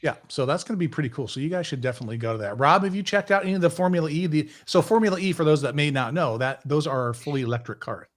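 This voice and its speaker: A man's voice: on the high side, very fast, hardly any pauses. A man hosting a casual podcast, rambling and correcting himself as he goes. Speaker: podcast host.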